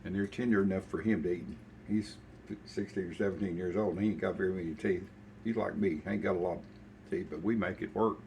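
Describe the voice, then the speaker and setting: A man's voice: sits low, steady tone, darkish tone, slight background noise. An older man with a Southern US accent, casually chatting while cooking and eating in his home kitchen. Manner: folksy, unhurried, talks while eating. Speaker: cooking show host.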